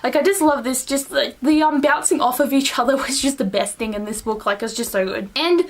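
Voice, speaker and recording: A woman's voice: sits high, fairly quick. Gushing young woman rambling about a book. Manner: gushing, rambling, heavy use of "like", acts out quotes. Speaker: book reviewer. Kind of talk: casual book review vlog.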